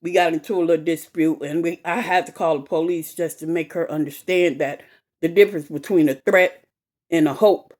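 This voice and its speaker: A woman telling a personal story to camera in an animated, emphatic way, swearing freely and repeating herself. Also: low-pitched, brisk. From west side of Chicago. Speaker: vlogger.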